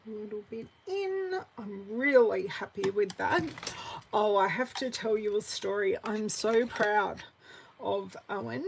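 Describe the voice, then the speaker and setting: A woman in her forties with an Australian accent, chatting through a live card-making class, answering viewers by name and muttering softly to herself as she works. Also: mid-range voice, animated, unhurried, creaky, slight background noise, poor audio. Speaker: craft demonstrator.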